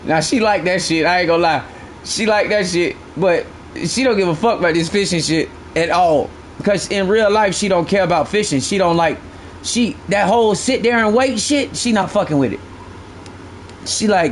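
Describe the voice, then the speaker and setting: A man with a notably high voice, chatting live to his viewers while he plays. He tells stories in a loose, profane and animated way, with a faint hum of noise behind him. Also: normal speed. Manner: profane, animated storytelling to chat. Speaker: game streamer. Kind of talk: casual live-stream chat.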